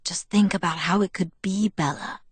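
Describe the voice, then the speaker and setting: A woman's voice: on the low side, lively intonation, normal speed, slightly rough, dry recording. Woman reading a cocky teenage boy. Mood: earnest soft. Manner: easygoing, teasing, earnest. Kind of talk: audiobook dialogue.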